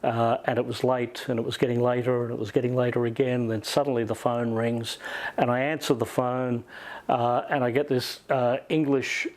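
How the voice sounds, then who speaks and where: A middle-aged man with an Australian accent looks back on his career in an interview. He speaks earnestly, often pausing with "uh" and "you know" fillers. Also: mid-range voice, little pitch movement. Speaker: interview guest, music journalist. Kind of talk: reflective interview answers.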